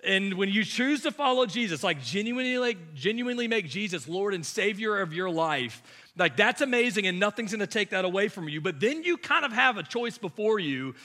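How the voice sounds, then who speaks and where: Bright, animated man preaching a casual sermon. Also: high-pitched, fairly quick. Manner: conversational, animated preaching with many "like" fillers. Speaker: pastor.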